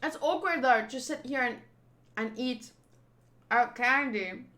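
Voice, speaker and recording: A young woman in her twenties, with a high, fairly bright voice and a measured pace, hosts a casual manga readthrough. She chats, thinks aloud, and reacts as she reads.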